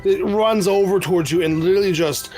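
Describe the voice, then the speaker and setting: A man's voice: sits high, brisk, warm tone, soft background music. A man running a tabletop game as game master, describing scenes loosely with fillers.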